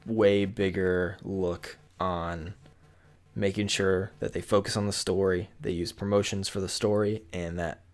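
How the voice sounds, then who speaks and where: A young man co-hosting a gaming podcast in casual chat, relaxed and agreeable, often repeating himself. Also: low voice, a little slow, faint music behind. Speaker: podcast co-host.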